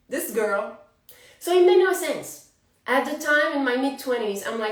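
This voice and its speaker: A woman's voice: medium pitch, expressive, moderate pace. A woman in her forties with a French accent, hosting a casual spiritual astrology talk for her viewers. She is chatty and laughs often between thoughts. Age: 40s. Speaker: astrology channel host. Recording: roomy, from a distance to the mic.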